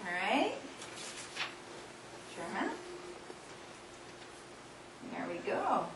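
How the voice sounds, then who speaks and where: A woman with a fairly high voice runs a hands-on demonstration in front of an audience, coaxing volunteers and laughing often. She is heard from far off in a roomy, echoing hall. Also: animated, slow, long pauses, fairly bright tone. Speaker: seminar speaker. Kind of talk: live workshop demonstration. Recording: distant, echoey room recording with noise.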